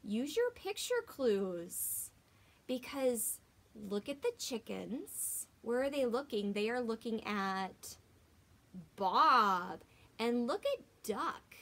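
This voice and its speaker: Gasps and whispers color the gentle, expressive reading of a young adult woman teacher sharing a picture book with kids. She talks slowly, in a voice pitched a little high.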